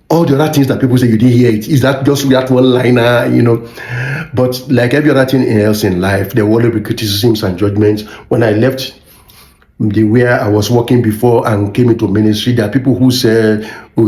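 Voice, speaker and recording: Earnest Nigerian preacher in an echoey room. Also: male voice, medium pitch, warm tone. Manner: earnest, preacherly, repeats phrases for emphasis. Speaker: minister and motivational vlogger. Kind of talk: motivational talk to camera.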